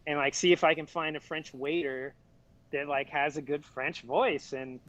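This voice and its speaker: A man talking as a guest over a video call, telling a story in a relaxed way with lots of fillers. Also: on the high side, normal speed, dry recording. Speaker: guest filmmaker. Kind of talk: casual video-call chat. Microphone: video call over shaky internet. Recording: dull, dry video-call audio.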